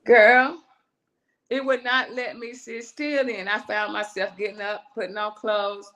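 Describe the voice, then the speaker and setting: A woman, a singer and songwriter, telling a personal story on a live show in a lively way, acting out voices and calling her listener "girl". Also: medium pitch, moderate pace. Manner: animated, acts out her own voice and inner voices, calls the listener "girl".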